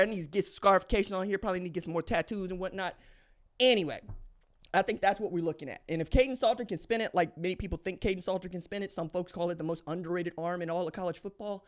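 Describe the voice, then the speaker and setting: Animated slangy man hosting a podcast. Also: sits high. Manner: animated, slangy, riffs into excited bursts. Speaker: podcast host. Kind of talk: solo podcast commentary.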